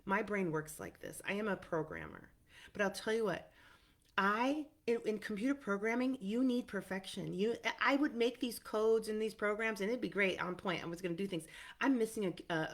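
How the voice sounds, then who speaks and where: A middle-aged woman therapist teaching in a casual, animated way, often checking in with "right?" and filling pauses with "um". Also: mid-range voice. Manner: animated and emphatic, frequent "right?" and "um".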